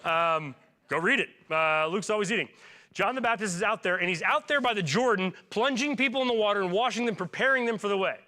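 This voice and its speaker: A man in his forties preaches in a church with a bright, forward tone. He speaks casually and jokes along the way, and he keeps turning to the congregation with questions. His voice sits a little high for a man. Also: brisk. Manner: conversational and joking, asks the congregation questions. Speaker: pastor. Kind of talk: sermon.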